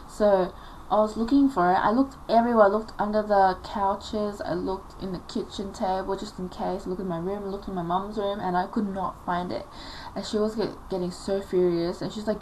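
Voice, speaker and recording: A woman's voice: medium pitch, fairly even intonation, a little fast, a little mellow, slight background noise, poor audio. A young woman, telling a personal story casually, rambling and emotional with many fillers.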